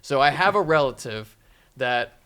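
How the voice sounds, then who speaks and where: Bright-voiced rambling man. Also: mid-range voice, lively intonation, normal speed, clear, resonant tone. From southern United States. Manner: rambling, filler-heavy storytelling. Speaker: podcast host. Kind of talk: casual chat.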